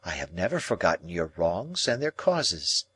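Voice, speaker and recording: A man reading an audiobook, voicing a proud, composed young woman who speaks in a calm, measured way. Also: low voice, breathy edge, no room sound, heavily acted. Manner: calm, measured, coldly reasoning.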